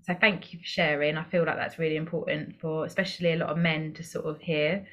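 A woman's voice: deep voice, level tone, a little fast, fairly bright tone. A woman hosting a podcast, speaking in a reflective, encouraging way during a casual interview. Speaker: podcast host.

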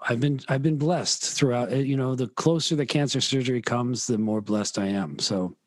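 A man's voice: mid-range voice, normal speed, no echo. Rambling man on a dry mic. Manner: rambling, full of restarts. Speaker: podcast guest. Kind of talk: casual podcast chat.

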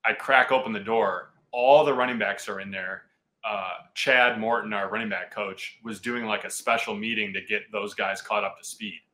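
Bright-voiced man telling a story. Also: lowish voice, moderate pace, poor audio. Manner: animated, laughing often, with many restarts. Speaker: guest, football player. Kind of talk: casual storytelling on a podcast.

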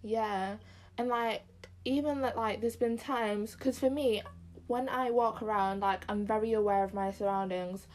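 A young woman from Zimbabwe co-hosts a relaxed conversation. She speaks at a middle pitch and fills her sentences with "like" and "um". Her tone is easygoing and conversational. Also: unhurried. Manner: chatty, many fillers like "like" and "um". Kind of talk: casual chat.

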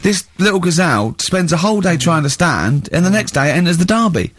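Giggling often, an English-accented radio host mocks and spins animated stories on his comedy show. He speaks briskly in a high-pitched voice into a studio microphone, with no room sound.

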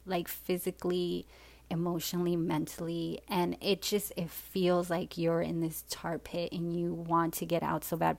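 A woman in her forties tells her own story with frank, unpolished candor, cursing freely and leaning on fillers. Her voice sits low with a gravelly edge, and her delivery stays fairly level in pitch. The sound is dry and close. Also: a little mellow, dry recording. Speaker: personal storyteller. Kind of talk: candid personal storytelling.

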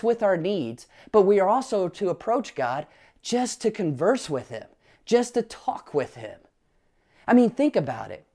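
A man's voice: sits high, darkish tone. A man preaching a sermon as pastor, earnestly asking his listeners rhetorical questions and telling personal family stories.

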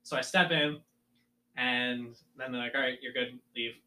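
A man's voice: mid-range voice, moderate pace, slight background noise. A young man casually telling a story from his school sports days and acting out his coaches' lines. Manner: animated storyteller, acts out coaches yelling.

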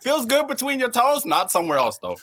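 A man's voice: very high voice, wildly swooping pitch, a little fast, background noise. A man in a casual podcast chat, blunt and swearing, laughing through his words.

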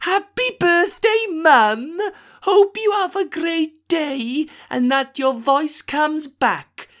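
A man putting on a Swansea accent in a high, sing-song voice to read out a birthday message. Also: expressive, slow pace, fairly bright tone, exaggerated voice. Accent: attempted Swansea.

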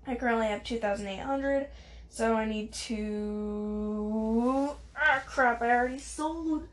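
A woman's voice: on the high side, slow pace. A woman chatting through a life-sim game, tired, chatty and easily sidetracked, mocking herself as she plays. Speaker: gaming video creator. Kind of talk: casual gameplay commentary.

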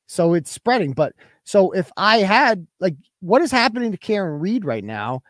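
A man's voice: high-pitched, big pitch swings, normal speed, fairly bright tone, no echo, clean studio sound. A man hosting a live web show, ranting in a brash, profane and combative way and reading out viewer donations. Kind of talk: casual livestream rant.

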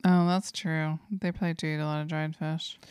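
A woman's voice: low-pitched, little pitch movement, a little fast, a little mellow, clean tone, no echo, studio quality. A woman co-hosting a podcast in casual chat, playful and chatty, laughing often. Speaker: podcast co-host.

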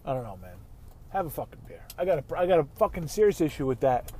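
A man's voice: fairly high pitch, big pitch swings, fast talker, a little mellow, slight background noise. A man ranting in a casual, profane, rambling way while driving in his car. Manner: heated, swearing, rambling. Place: inside a car.

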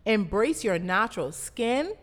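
Slow, emphatic Bahamian woman. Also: mid-range voice, sing-song, in a large hall. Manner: emphatic, repetitive preaching cadence. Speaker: brand founder. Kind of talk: motivational talk.

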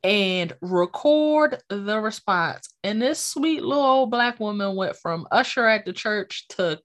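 Animated woman telling a story with lively pitch. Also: unhurried. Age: millennial. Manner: animated storytelling, laughs often, swears casually. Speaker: podcast co-host. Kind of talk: casual chat.

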